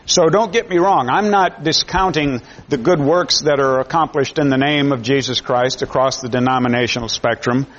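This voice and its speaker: A man's voice: mid-range voice, moderate pace, hardly any pauses, fairly bright tone. A man preaching a sermon to his congregation, emphatic, often repeating words as he builds each point. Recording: dull lo-fi sermon recording.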